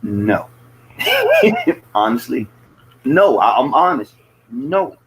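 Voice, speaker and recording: A man's voice: mid-range voice, huge pitch swings, extremely slow, a little hiss or hum, rough recording. A man with a Southern US accent telling stories in a loose, profane podcast chat. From American South.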